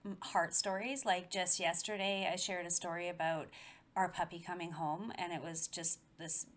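Animated storytelling woman, lower voice. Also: normal speed. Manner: warm storytelling, animated, laughs often. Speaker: guest. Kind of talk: casual conversation.

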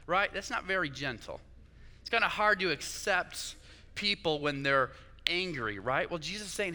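Bright-voiced young man preaching in a hall. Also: fairly high pitch, animated, normal speed. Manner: conversational, keeps asking "right?". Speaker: pastor. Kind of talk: sermon.

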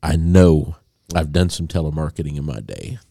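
A man co-hosting a podcast, telling a long story in a casual, animated way and acting out a phone call. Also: a bass voice, moderate pace, gravelly, dry recording, clean studio sound. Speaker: podcast co-host.

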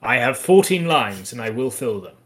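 A man's voice: mid-range voice, sing-song, moderate pace, husky. A man co-hosting a casual podcast chat about poetry, explaining things with dry humour. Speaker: podcast co-host.

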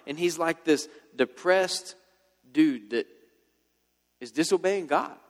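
A young man giving a laid-back, slang-filled sermon as a youth pastor. His voice sits a little high for a man. It rings out with the long reverb of a big hall. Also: slow pace. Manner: casual, slangy, storytelling.

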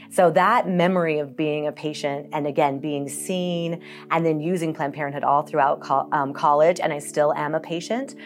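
A woman with a notably low voice talks earnestly as a guest on a podcast interview. She is from Colorado and leads a health organization. Her storytelling is open and personal, with some fillers along the way. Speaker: nonprofit health organization CEO.

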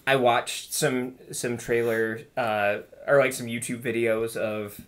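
Man, casual chat, rambling, lots of fillers, mid pitch. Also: little pitch movement, takes it slowly.

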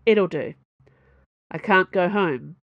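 A woman's voice: fairly low pitch, slow pace, dry recording, lo-fi sound. Woman narrator doing a curt, proud male captive; storybook drama, close dry sound. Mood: gruff. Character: gruff captive man, proud and wary.

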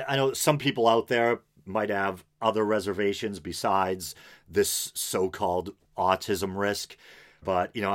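A man hosting an unscripted podcast, reading news aloud with casual, wry asides. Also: low voice. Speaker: podcast host.

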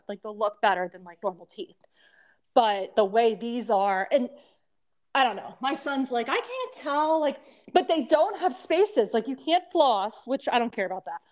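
Female podcast co-host, 30s, high voice, lisp, loose rambling chat. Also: darkish tone. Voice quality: lisp from temporary crowns. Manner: chatty, rambling, laughs often. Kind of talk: casual chat.

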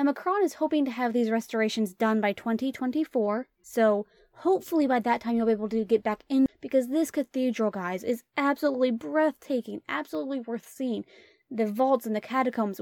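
A woman's voice: a little high, vocal fry, warm tone, no echo, clean studio sound. Earnest woman co-hosting a travel talk. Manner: earnest, addresses listeners as guys. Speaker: travel vlog co-host. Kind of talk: casual travel chat.

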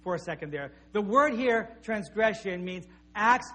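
A middle-aged pastor delivering a sermon in an easy, conversational way. His voice sits high for a man, and he often circles back with small restarts as he tells homely stories. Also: lively intonation, measured pace, bright, forceful tone. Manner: conversational, anecdotal, with repeated restarts.

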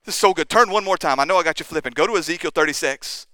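A man preaching with a high, bright voice that is smooth and resonant. His delivery is impassioned, swinging between hushed and intense. The sound is dry and close, with no room echo. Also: rapid-fire. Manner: impassioned, rises and drops in intensity. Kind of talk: sermon.

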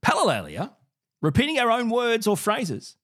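A man hosting his own commentary video, speaking straight to the viewer in an animated, sarcastic way and often repeating words as he goes. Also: very high voice, normal speed. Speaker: podcast and video host. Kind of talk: direct-to-camera commentary.

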